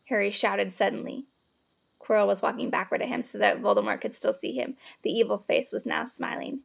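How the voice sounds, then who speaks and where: A woman reading a children's book aloud with expressive, dramatic storytelling. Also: mid-range voice, fairly quick, vocal fry, lo-fi sound. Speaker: storybook reader.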